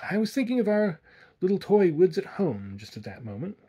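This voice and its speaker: A man's voice: expressive, a little mellow, breathy edge, lo-fi sound. A man putting on a nervous younger city man. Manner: higher, tense and quick.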